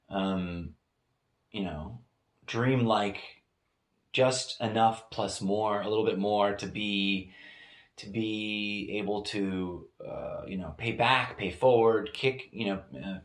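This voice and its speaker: A man hosting a solo podcast, thinking aloud in a meandering, hesitant way with many fillers and restarts, recorded in a room at home. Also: lowish voice. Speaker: podcast host. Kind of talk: rambling solo podcast monologue. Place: home room used as studio. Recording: echoey room.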